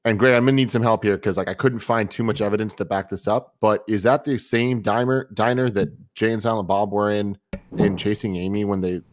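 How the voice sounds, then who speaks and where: A man co-hosting a podcast who chimes in with quick questions. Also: fairly low pitch, fairly even intonation, dry recording. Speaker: podcast co-host. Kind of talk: casual chat.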